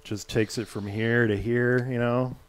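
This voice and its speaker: A man's voice: mid-range voice, little pitch movement, unhurried, a little hiss or hum. Joking man hosting a gaming stream. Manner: joking, teasing, playful. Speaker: livestream host. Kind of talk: casual gaming livestream chat.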